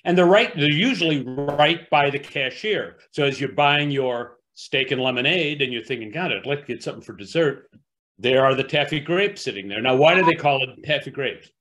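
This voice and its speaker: A man co-presenting a talk, explaining things in an easygoing, relaxed way. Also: mid-range voice, moderate pace, hardly any pauses, soft background music. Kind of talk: casual talk.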